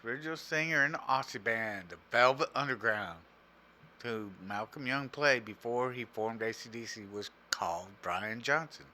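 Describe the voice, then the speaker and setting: A man's voice: mid-range voice, expressive, moderate pace, sharp tone, a little hiss or hum. A middle-aged man co-hosting a casual podcast, rambling through trivia with lots of "you know" and frequent chuckles. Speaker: podcast co-host, father. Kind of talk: casual chat, reading trivia aloud.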